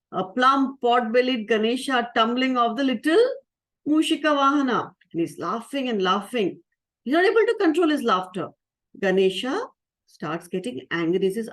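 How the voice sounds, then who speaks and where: A woman who is a spiritual teacher, telling a story to children in a lively way and asking them questions. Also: a little high, moderate pace. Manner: lively, asks the audience questions.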